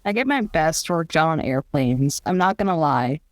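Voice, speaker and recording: Woman writer on a podcast, talks fast n animated, bit low voice. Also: no room sound. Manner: animated, acts out quotes in funny voices. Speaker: author, podcast guest. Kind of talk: casual interview chat.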